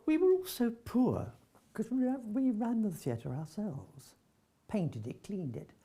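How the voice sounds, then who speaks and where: A husky older man from North London, a longtime actor, shares stories from his career. His pitch runs on the high side. Animated and theatrical, he acts out conversations and keeps stammering and restarting his lines.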